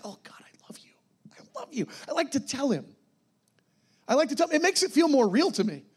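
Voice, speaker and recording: Animated, high-voiced preacher man. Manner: animated and conversational, drops to soft whispered prayers. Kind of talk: sermon.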